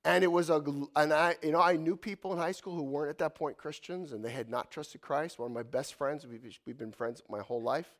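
High-voiced, animated male preacher. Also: brisk, hardly any pauses. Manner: animated, swings from loud exclamations to hushed asides. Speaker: pastor. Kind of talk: sermon.

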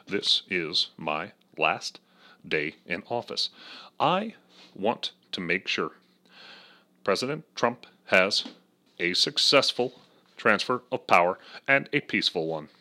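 Man doing a low, slow presidential impression, measured pauses. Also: big pitch swings, pushed and bright, full character voice. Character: calm measured male former president.

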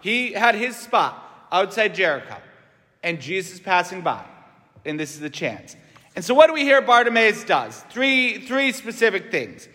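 A man's voice: high voice, big pitch swings, a little slow, bright, forceful tone. A man giving a conversational homily in a church, often checking in with the congregation with "right?". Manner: conversational, frequent "right?" tag questions. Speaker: preacher. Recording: long church reverb.

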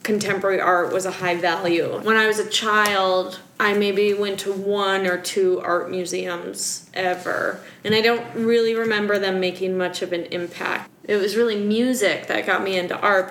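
A woman's voice: medium pitch, a bit bright, a little hiss or hum. A woman in her thirties from Wisconsin, a guest on a casual interview podcast, telling stories in a chatty, rambling way and laughing easily. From Madison, Wisconsin, US. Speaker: guest, art curator. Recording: roomy room echo.

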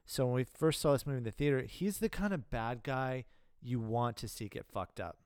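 A man co-hosting a podcast, talking casually about films, with relaxed swearing. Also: mid-range voice, a little fast, smooth, no room sound, studio quality. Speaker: podcast co-host. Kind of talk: casual chat.

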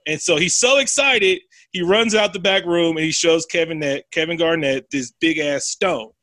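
A man's voice: a little high, moderate pace, sharp tone, no echo. A man in casual chat, animatedly retelling a film plot with profanity and acted-out quotes. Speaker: podcast co-host.

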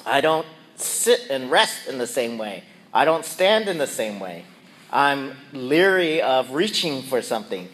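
A man's voice: mid-range voice, big pitch swings, a little slow, fairly bright tone. A middle-aged man casually telling a personal story and acting out his own yelps and quoted lines. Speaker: speaker sharing a personal reflection.

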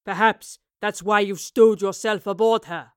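A woman's voice: medium pitch, fairly even intonation, smooth, dry recording, clean studio sound, natural voice. Woman doing a stern old sea captain. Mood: stern, menacing. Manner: slow, loud, commanding and mocking. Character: stern weathered male ship captain, contemptuous.

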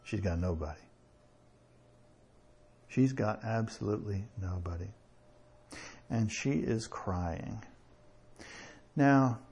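Slow, husky-voiced man preaching. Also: fairly low pitch, a little mellow. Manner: conversational, with chuckles and slow emphatic pauses. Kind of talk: sermon.

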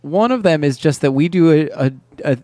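A man co-hosting a casual podcast, talking in halting, hesitant phrases. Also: a little high, expressive, mellow, dry recording. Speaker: podcast co-host. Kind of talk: casual chat.

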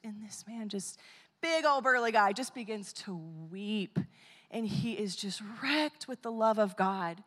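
A woman telling a story in a sermon, animated and acting out the quotes. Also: medium pitch, unhurried. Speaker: speaker at a church or conference. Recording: long hall reverb.

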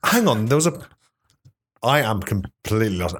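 A man co-hosting a casual comedy podcast, jokey and quick to laugh. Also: lowish voice, sing-song, fairly bright tone, breathy edge.

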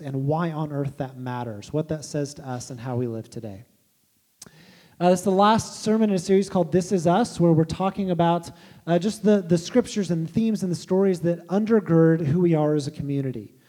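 A man's voice: fairly high pitch, mellow. A man giving a sermon as pastor, in a casual, conversational and self-deprecating way.

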